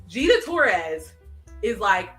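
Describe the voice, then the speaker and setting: A woman hosting a casual chat show, telling a long story in an animated way with many fillers and restarts. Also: mid-range voice, takes it slowly. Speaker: podcast host. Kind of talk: casual chat, recapping a TV episode. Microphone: video call stream. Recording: echoey room, distant mic, faint music.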